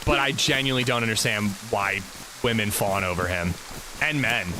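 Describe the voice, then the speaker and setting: A man's voice: on the low side, normal speed. A man streaming a game, chatting casually and answering his viewers' messages. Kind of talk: casual livestream chat. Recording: steady rain noise behind.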